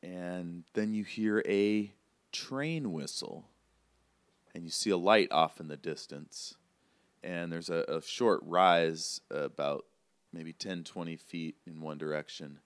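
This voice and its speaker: A man narrating as game master in a tabletop game, relaxed and casual with many fillers. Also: low-pitched, slow, clean tone, dry recording.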